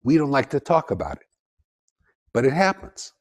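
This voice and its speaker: A man giving a lecture to a live audience, animated and jokey, often putting questions to the listeners. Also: mid-range voice, normal speed.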